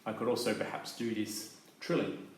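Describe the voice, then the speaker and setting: A man with a fairly low voice gives a calm, methodical lesson, pausing on soft fillers as he explains each point. His voice rings out in a very echoey room over a faint hiss of noise. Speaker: clarinet teacher. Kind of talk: instructional demonstration.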